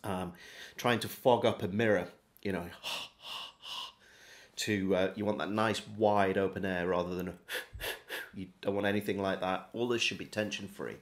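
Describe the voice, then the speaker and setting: A man giving a relaxed, step-by-step beginner harmonica lesson. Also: low-pitched, moderate pace. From England. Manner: friendly, relaxed step-by-step demonstrating. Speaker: harmonica teacher. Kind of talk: casual video lesson.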